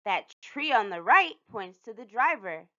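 A woman reading a storybook, voicing an excitable little girl who loves trucks and shouts her excited claims. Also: fairly high pitch, a little slow, muffled recording, heavily acted. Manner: eager, loud exclamations.

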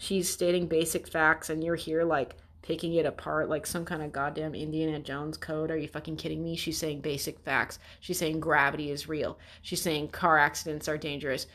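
A woman's voice: sits low, little pitch movement, normal speed, few pauses, fairly bright tone. A woman reacting to an article, sarcastic and exasperated, swearing often. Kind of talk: ranting commentary.

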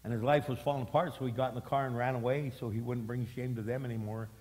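A man preaching a sermon as pastor, telling stories with acted-out voices and sudden loud emphatic bursts. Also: medium pitch, quick pace, a little hiss or hum. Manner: animated storytelling, acting out voices, jumps to loud emphatic peaks. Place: church sanctuary. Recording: long hall reverb.

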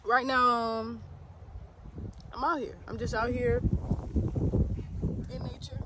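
A young woman chats playfully to camera while vlogging in nature, speaking directly to her viewers. Her voice is on the high side and level, and she takes her time. The outdoor camera audio has noticeable background noise.

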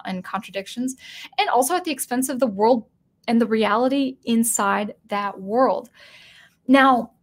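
Brief: woman host, casual commentary, somewhat high pitch, animated with restarts. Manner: animated, acts out quoted lines, frequent restarts.

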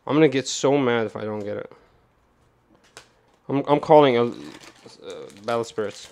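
A man giving casual, rambling commentary to his chat while opening card boxes, swearing and jumping from calm talk to loud rants. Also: medium pitch, moderate pace. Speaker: card game streamer.

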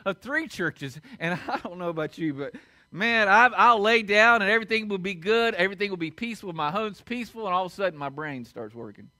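High-voiced preacher man, bright and punchy. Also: dry recording, studio quality. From United States. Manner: swings from loud emphatic peaks to hushed low passages. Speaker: pastor. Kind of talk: sermon. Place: church sanctuary.

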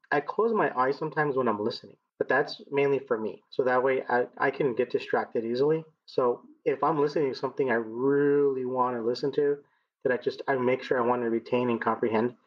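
A man in his thirties from Texas, a guest in an interview, speaking in a measured, reflective way with frequent ums. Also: mid-range voice, muffled recording. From Texas, United States. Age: 30s. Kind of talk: conversational interview.

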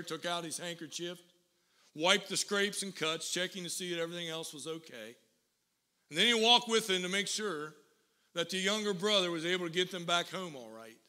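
A man preaching a sermon as pastor, telling a story with rising intensity and emphatic pauses. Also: high-pitched, sharp tone. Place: church.

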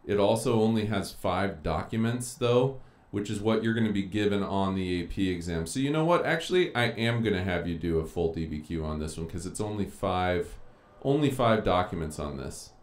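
Deep-voiced male teacher, chatty live stream. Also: expressive, moderate pace, hardly any pauses. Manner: chatty, thinking aloud while clicking around. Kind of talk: casual live-streamed lecture. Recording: echoey room with faint noise.

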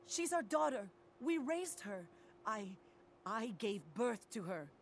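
A woman's voice: fairly high pitch, sing-song, slow, slight background noise, full character voice. An actress voicing a distraught mother in a game, pleading and indignant about her daughter. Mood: upset. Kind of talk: game character dialogue.

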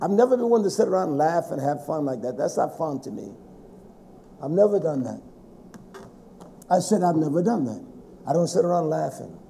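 Gravelly, high-pitched preacher, man. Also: sing-song, a little fast, long pauses, slight background noise. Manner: fervent, swings from shouting to low muttering. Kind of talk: sermon.

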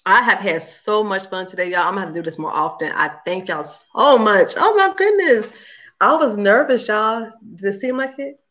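A woman hosting a livestream in casual, upbeat chat with her viewers. She talks very fast. Her voice is bright and forceful. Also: mid-range voice, lively intonation, muffled recording. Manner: chatty and upbeat, addresses viewers as "y'all". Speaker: cooking channel host on a livestream.

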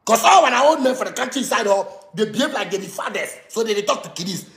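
Ghanaian guy ranting hard, super high gravelly voice, lots of room echo. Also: expressive, fast, few pauses, fairly bright tone. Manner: ranting, mixing pidgin and local language. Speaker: musician. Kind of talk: angry rant monologue.

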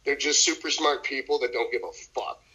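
A man's voice: mid-range voice, brisk, slightly rough, dull audio. A man co-hosting a casual podcast, telling stories with lots of swearing and acting out the voices. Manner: profane, animated storytelling with acted-out voices. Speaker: podcast co-host.

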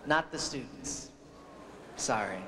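A man's voice: medium pitch, animated, slow pace, background noise. A male pastor giving a graduation invocation, telling a folksy story before moving into an earnest prayer, recorded on an old, worn videotape. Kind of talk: invocation sermon with a told story. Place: large graduation ceremony venue. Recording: old worn videotape, long hall reverb.

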